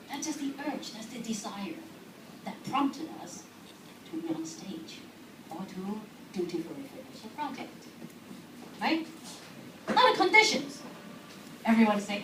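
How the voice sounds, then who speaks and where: Speaking in an echoey hall, a woman gives a lively talk to a live audience, asking them questions and laughing often. Her mid-range voice is animated and runs at normal speed, recorded from far off with background noise.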